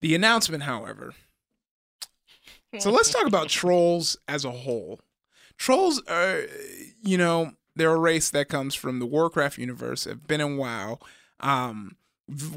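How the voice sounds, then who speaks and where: A young man talks games in a casual co-hosted chat. His voice is bright and a little high, and he stumbles and restarts as he goes, often breaking into laughter. The sound is close and dry. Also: animated, unhurried, vocal fry, no room sound. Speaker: podcast co-host.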